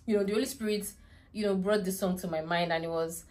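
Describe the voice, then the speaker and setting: This is a young woman, speaking in a casual vlog. Her voice sits at an ordinary middle pitch, and she tells her story in an animated, dramatic way, breaking into laughter and heartfelt prayerful asides. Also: moderate pace. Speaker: vlogger, mother of a toddler.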